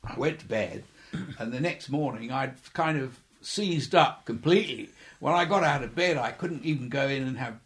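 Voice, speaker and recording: Speaking at a moderate pace, this former air force pilot has a creaky, mid-range voice with a fairly bright tone. In an interview, the older man chuckles as he recalls anecdotes, performing the quoted voices of the people he mentions.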